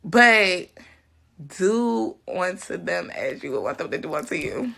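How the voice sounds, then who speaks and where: A woman's voice: lowish voice, big pitch swings, unhurried, vocal fry, fairly bright tone. A young adult woman giving a casual collective tarot reading to her viewers, chatty and blunt, swearing freely and laughing often. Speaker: tarot reader.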